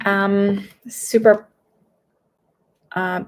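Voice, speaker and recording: A woman's voice: mid-range voice, level tone, very slow. A woman working as a psychic medium, giving live-stream readings. She reads viewers' questions aloud and answers in a rambling, hesitant way with lots of fillers.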